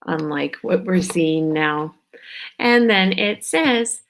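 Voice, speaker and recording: Woman teacher, kindergarten phonics lesson; slow pace, draws out each sound, gentle check-ins. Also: medium pitch, expressive, a little hiss or hum. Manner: stretches out sounds and words slowly, checks in with "okay?". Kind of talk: slow, patient phonics lesson for young children.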